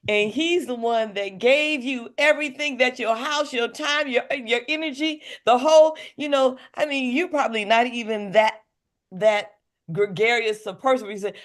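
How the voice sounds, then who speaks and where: A woman co-hosting a radio show, speaking about faith in a slow, emphatic, preaching manner. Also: on the high side. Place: radio studio.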